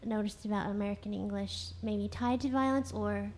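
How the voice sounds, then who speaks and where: A woman's voice: mid-range voice, steady tone, moderate pace, a little mellow. A woman interviewer asking a question hesitantly, with many fillers.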